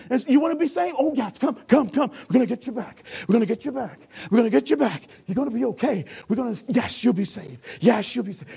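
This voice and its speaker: A man preaching a sermon, addressing the congregation directly and acting out a lifeguard rescue with shouting. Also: extremely high pitch, animated, fast talker, gravelly, hardly any pauses, slightly rough. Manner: calls for audience response.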